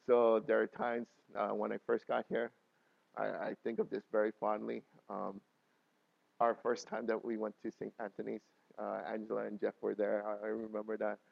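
A man's voice: lowish voice, creaky, no echo. Emotional man pastor, dry muffled sound. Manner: emotional, swings from quiet to loud and laughing. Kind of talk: personal storytelling sermon.

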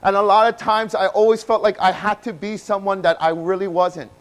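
A man from Hawaii, telling his own story in a sermon and swinging between loud bursts and hushed passages. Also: high-pitched, flat delivery, fairly quick, low-quality recording.

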